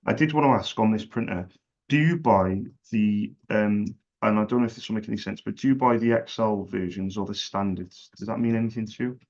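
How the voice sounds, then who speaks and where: A man's voice: lowish voice, brisk, a little mellow, dull audio. A man making a friendly cold sales call, chatty and jokey, making fun of himself. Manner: chatty, jokey and self-deprecating.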